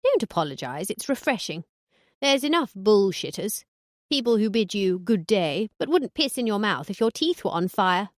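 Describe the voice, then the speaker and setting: A woman's voice: medium pitch, big pitch swings, moderate pace, no room sound, natural voice. A woman voicing a blunt, foul-mouthed older woman who lives on a cruise ship, trading dry, crude put-downs in an audiobook. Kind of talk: audiobook dialogue.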